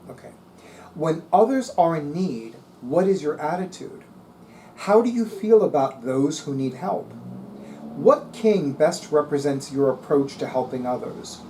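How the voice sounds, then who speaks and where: A man's voice: fairly high pitch, animated, measured pace, mellow, slight background noise. A middle-aged man reading tarot articles aloud and musing on them in a casual, chatty way. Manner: musing, reads aloud then comments. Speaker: tarot reader.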